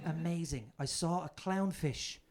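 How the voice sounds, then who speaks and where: A man's voice: fairly high pitch, measured pace, darkish tone. A man with an Irish accent performing a stand-up comedy set, telling stories in a brash, profane way. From Ireland. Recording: comedy club audience laughter.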